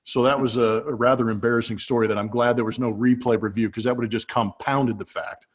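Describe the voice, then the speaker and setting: A man of middle pitch spins lively stories in casual chat, laughing often. He is co-hosting over a webcam call, speaking from a room at home. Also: fast talker, husky. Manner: animated storyteller who laughs as he talks. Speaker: podcast co-host, former baseball player. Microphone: webcam setup.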